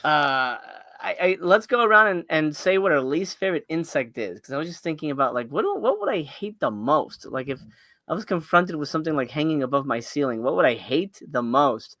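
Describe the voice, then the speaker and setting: Bright-voiced man from Miami hosting. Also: on the high side, very animated, fairly quick, no room sound. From Miami, United States. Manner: profane, joking, filler-heavy. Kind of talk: casual chat.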